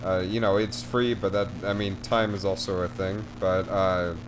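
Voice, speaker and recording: A man hosts a casual gaming podcast in a fairly low voice. He talks in halting stretches, stopping and restarting his sentences and leaning on fillers. A faint hum sits under the recording. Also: flat delivery. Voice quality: says his voice gets squeaky. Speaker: podcast host.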